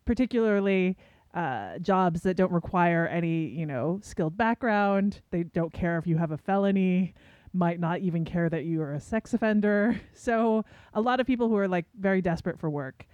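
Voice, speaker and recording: A woman's voice: lowish voice, moderate pace, darkish tone, no room sound, lo-fi sound. Dry-voiced woman podcast co-host. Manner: chatty, talks through a story with fillers. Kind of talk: casual film review chat. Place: New York City studio.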